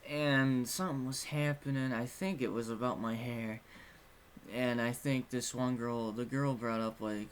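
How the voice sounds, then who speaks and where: A man's voice: mid-range voice, fairly even intonation, a little slow, a little hiss or hum. A young man telling a personal story in a casual vlog, rambling and frank, swearing now and then. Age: young adult. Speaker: vlogger.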